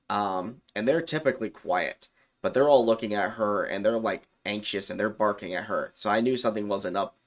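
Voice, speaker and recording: A young man casually telling a personal story, loose and rambling, with fillers and self-corrections. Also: fairly low pitch. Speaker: YouTube storyteller.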